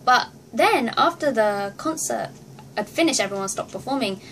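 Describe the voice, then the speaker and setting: A woman with a somewhat high voice tells a story straight to camera. She talks casually and excitedly, jumping into squeals and laughter as she acts out how she reacted. Faint noise sits under her voice. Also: normal speed. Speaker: vlogger.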